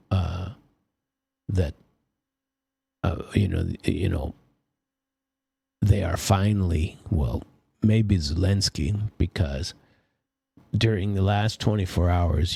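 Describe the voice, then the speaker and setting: Gravelly deep-voiced man, slow commentary. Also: a little mellow. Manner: rambling, many fillers and restarts. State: sleepy, yawning. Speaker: political commentary host. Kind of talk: casual spoken commentary.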